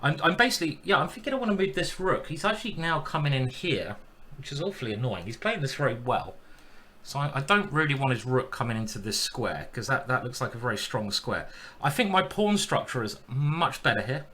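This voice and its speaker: A man's voice: medium pitch, big pitch swings, brisk, sharp tone. A man giving casual live-stream commentary while playing chess, chatty and thinking aloud.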